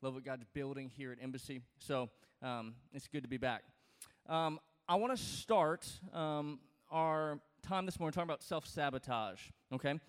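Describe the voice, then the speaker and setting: A man from Louisiana, preaching a sermon in a relaxed, joking way with many fillers and restarts. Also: mid-range voice, normal speed, smooth. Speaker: pastor. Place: large church auditorium. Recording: reverberant hall.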